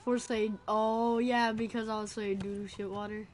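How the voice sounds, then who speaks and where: A woman giving casual gameplay commentary in an excitable, crude way, often laughing and yelling. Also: a little high, normal speed. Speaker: gamer.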